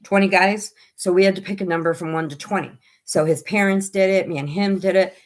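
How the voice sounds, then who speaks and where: A woman chatting casually on a home live stream, telling lively stories and acting out what people said. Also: medium pitch, fairly quick. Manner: animated storyteller who acts out quoted voices.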